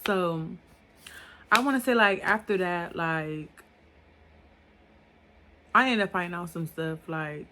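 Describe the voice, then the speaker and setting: A young woman talks straight through a personal storytime in a loose, rambling way. Filler words pile up as she circles back and restarts. Her voice sits a little low for a woman. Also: slow pace, long pauses, pushed and bright, a little hiss or hum. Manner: rambling, filler-heavy talk. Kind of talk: casual storytime monologue.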